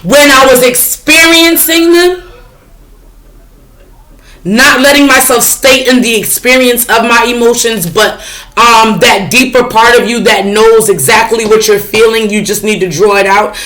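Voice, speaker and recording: Woman, tarot reader, casual spiritual talk, frank, chatty, bright voice. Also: a little high, steady tone, measured pace. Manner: chatty, frank, swears freely, asks "you know what I'm saying?".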